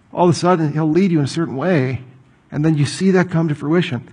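Middle-aged male pastor, slightly higher voice, conversational sermon delivery with stories and rhetorical questions. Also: husky.

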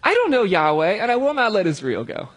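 A preacher putting on a scornful pharaoh. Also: male voice, sits high, sing-song, fast, slightly rough, long reverb tail, voice pushed up, heavily acted. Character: haughty dismissive Egyptian pharaoh, male ruler.

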